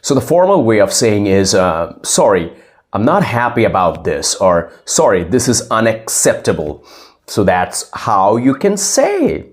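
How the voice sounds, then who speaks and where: A man playing a polite young male student who answers his teacher slowly and repeats each example phrase. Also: on the low side, huge pitch swings. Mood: explaining. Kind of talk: scripted classroom role-play.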